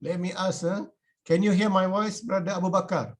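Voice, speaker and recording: A man's voice: high voice, fairly even intonation, fairly quick. A man with a Malaysian English accent teaching a university class over a video call, tagging his sentences with "eh?" and speaking in plain, informal English. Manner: repeated checks with a tag "eh?", plain informal phrasing. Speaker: university lecturer. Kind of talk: online class lecture.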